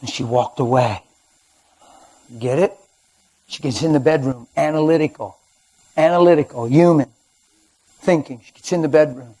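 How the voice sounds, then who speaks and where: A man preaching a sermon, telling his own story and swinging from hushed to loud. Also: mid-range voice, normal speed, long pauses, breathy edge, rough recording. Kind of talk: sermon testimony. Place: church or studio.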